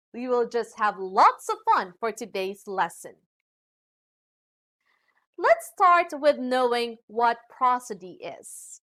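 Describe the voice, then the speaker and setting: A woman from the Philippines with a Filipino accent, teaching a scripted English pronunciation lesson to students. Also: a little high. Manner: slow, lively teacherly delivery addressing students.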